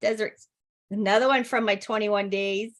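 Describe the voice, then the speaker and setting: A woman coaching a keto support group over a video call, energetic, encouraging and quick to laugh. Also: mid-range voice.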